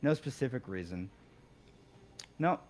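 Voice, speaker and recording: A man's voice: mid-range voice, animated, unhurried, darkish tone, a little hiss or hum. A man hosting a game stream, chatting casually in a joking, self-deprecating way with swearing. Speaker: streamer host.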